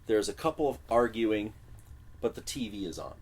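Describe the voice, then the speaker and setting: Low-voiced producer from Illinois. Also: male voice, normal speed, husky. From Illinois, USA. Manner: animated storyteller who acts out quotes. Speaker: guest music producer. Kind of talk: casual interview chat. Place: recording studio.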